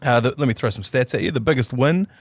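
A man with a New Zealand accent co-hosting a casual podcast, telling stories in a lively way and laughing as he goes. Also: mid-range voice, fast talker, no room sound, clean studio sound. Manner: lively storytelling, often laughing mid-sentence. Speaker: podcast co-host. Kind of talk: casual chat.

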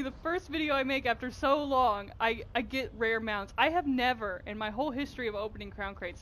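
Woman gaming vlogger, bright high voice, gushing, squealy commentary. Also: a little hiss or hum. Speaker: gaming YouTuber. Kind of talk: excited game loot-opening commentary.

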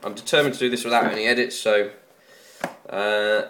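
A man's voice: on the low side, fairly even intonation, a little fast, fairly bright tone, slight background noise. A man talking casually through an unboxing, rambling and joking at his own expense. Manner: rambling, chatty and self-mocking. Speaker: tech YouTuber.

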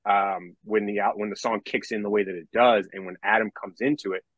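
A man's voice: on the low side, fairly even intonation, fairly quick, a bit bright, no echo, lo-fi sound. A young man, a metal songwriter, talking casually on a podcast, rambling with many restarts and casual swearing.

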